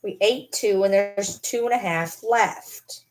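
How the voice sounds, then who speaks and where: A woman's voice: mid-range voice, takes it slowly. A woman vlogger at home, chatting casually and teasing her dogs with baby talk.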